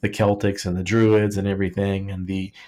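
A low, mellow male voice with a level tone moves briskly through casual podcast talk. The co-host rambles and jokes about history, saying "like" a lot and frequently restarting.

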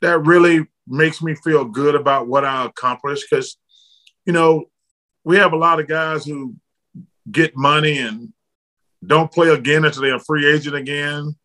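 A middle-aged man with a drawl, his voice sitting a little high for a man and ringing bright and forceful. He tells his stories bluntly and with energy, dropping casual slang like an interview guest who is at ease. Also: fairly even intonation, normal speed, poor audio. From Alabama, United States. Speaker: guest, former basketball player. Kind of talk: candid storytelling in an interview.

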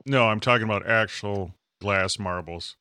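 A man's voice: lowish voice, moderate pace, pushed and bright, smooth, dry recording. A man co-hosting a podcast in casual comedic chat, joking and slipping into silly voices now and then. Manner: jokey, drops into silly put-on voices. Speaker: podcast co-host.

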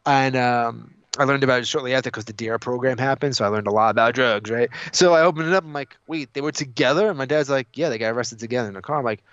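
A man co-hosting a podcast, telling a childhood story in a laughing, animated way. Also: mid-range voice, fast, few pauses, smooth, dry recording, lo-fi sound. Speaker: podcast co-host. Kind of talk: casual storytelling chat.

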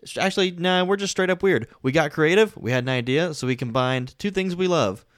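A man's voice: fairly high pitch, brisk, no echo, studio quality. A man co-hosting a podcast in casual banter, upbeat and playful. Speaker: podcast co-host.

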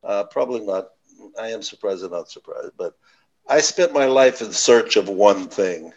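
A man's voice: on the low side, animated, normal speed, a little mellow. A man co-hosting a podcast, speaking hesitantly and searching for words. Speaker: podcast co-host. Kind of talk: casual interview chat. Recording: dull lo-fi sound from further off.

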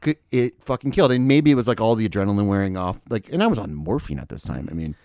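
A lively, low-voiced podcast host tells a story fast in casual conversation, recorded dry with clean studio sound. He swears freely and acts out the quotes.

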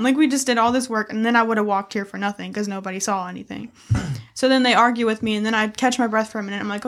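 A woman's voice: fairly high pitch, racing. A woman, co-hosting a podcast and telling a story with lots of laughing and swearing. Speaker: podcast co-host. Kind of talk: casual chat.

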